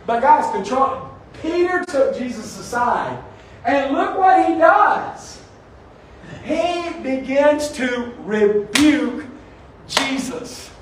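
A man, a pastor, preaching an animated sermon and acting out quotes with rising emphasis. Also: very high voice, drawn-out words, long pauses, echoey room, far from the mic, rough recording. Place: church sanctuary.

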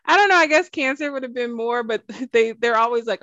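A woman's voice: on the high side, brisk, sharp tone, dry recording. Woman podcast co-host, casual and talkative, laughs a lot; dry, slightly muffled recording. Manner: chatty, laughs often, acts out quotes. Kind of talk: casual chat.

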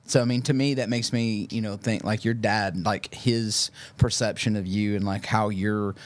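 A man's voice: on the low side, fairly even intonation, moderate pace. A man co-hosting a casual interview, reflective and loose in his phrasing, with many fillers. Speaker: podcast co-host.

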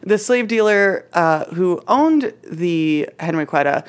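Woman podcast host, lowish voice, casual storyteller, hesitant and chatty. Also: expressive, takes it slowly, smooth. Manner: chatty, hesitant with many fillers.

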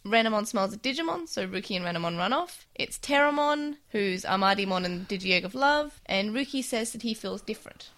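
A woman co-hosting a casual chat review, chatty, summarizing the plot with quick asides. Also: mid-range voice, lively intonation, a bit bright. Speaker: podcast co-host.

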